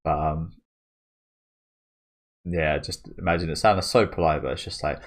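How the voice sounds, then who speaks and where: A man's voice: extremely low pitch, a little slow. A young man hosting a manga reaction video, chatting casually and musing aloud with fillers and small chuckles. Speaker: manga reaction channel host.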